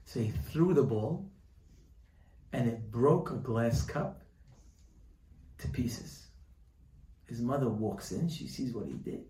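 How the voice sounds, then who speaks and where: A man giving a Torah lesson, telling a story with lively quoted voices. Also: mid-range voice, takes it slowly, pauses often, reverberant, recorded from a distance, poor audio. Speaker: Torah teacher. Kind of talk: sermon with storytelling.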